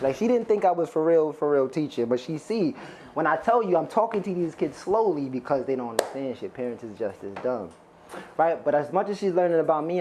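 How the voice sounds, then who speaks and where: A man's voice: on the high side, a little mellow, a little hiss or hum. A man doing a stand-up comedy set, rambling, profane and conversational as he talks straight to the crowd on stage. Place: stage before a live audience.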